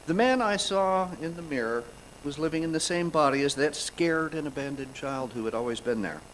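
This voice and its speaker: A man in his forties speaks in a fairly high voice, sharing an earnest personal reflection in a church. He slows down and pauses for effect. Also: slight background noise, poor audio. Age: 40s. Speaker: congregation member sharing a reflection.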